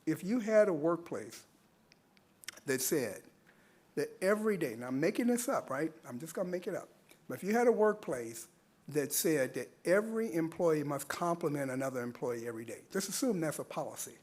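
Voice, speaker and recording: A man's voice: fairly high pitch, animated, fairly quick, darkish tone. Earnest man pressing rhetorical questions. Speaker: public commenter. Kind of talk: public comment at a civic meeting.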